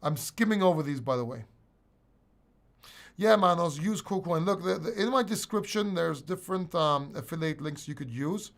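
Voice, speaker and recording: A man's voice: a little high, animated, normal speed, creaky, a bit bright. A man hosting a casual crypto livestream, reading and answering chat questions in a blunt, rambling way with restarts and swearing.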